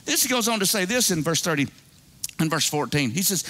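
High-voiced pastor guy in his 50s preaching, whooping and joking, super lively. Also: a little fast. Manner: exuberant and joking, with whooping exclamations. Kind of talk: sermon.

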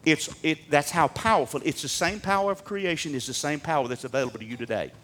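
A man preaching a sermon in a church, folksy and fervent, rising to near-shouts and dropping to hushed asides. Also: a little high, fast. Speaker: pastor.

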